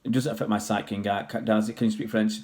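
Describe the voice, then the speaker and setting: A man's voice: fairly low pitch, little pitch movement, fast, a little mellow. A man from Pakistan, raised in England, chatting casually on a livestream and answering viewers' questions in a rambling way. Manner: rambling, chatty, many restarts and fillers.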